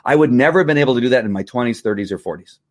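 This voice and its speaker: A man's voice: medium pitch, animated, racing, no room sound, studio quality. A man in his fifties talking candidly on a casual livestream as host, rambling with many fillers and restarts. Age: 50s.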